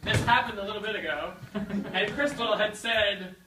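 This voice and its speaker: A woman's voice: medium pitch, moderate pace, sharp tone. A woman directing and narrating a children's story play, guiding the young actors and feeding them their lines. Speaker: children's drama teacher. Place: rehearsal room with children. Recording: echoey room, distant mic, background noise.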